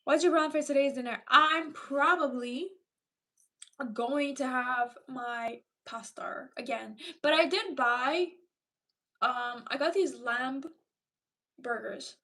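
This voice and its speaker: A woman in her thirties from Romania, with a Romanian accent mixed with Irish and London English, casually chatting with viewers on a livestream, animated and full of fillers. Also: high voice, slow. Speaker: livestream host reading chat.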